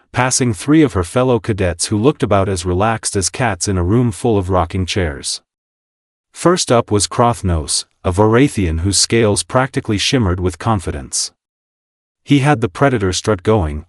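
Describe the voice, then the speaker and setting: A man's voice: on the low side, expressive, moderate pace, no echo, studio quality. A man narrating a scripted sci-fi story with a wry, sardonic delivery.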